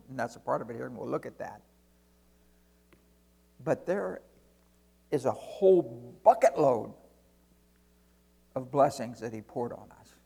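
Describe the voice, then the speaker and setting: Male pastor, slow deliberate delivery, gravelly voice, asks the congregation rhetorical questions. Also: medium pitch. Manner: conversational, full of rhetorical questions. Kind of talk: sermon.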